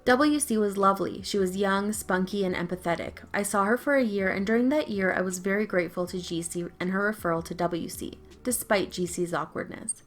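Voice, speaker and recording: A woman's voice: medium pitch, brisk, few pauses. A young adult woman reading an online story aloud with a wry, storytelling delivery. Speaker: story narrator.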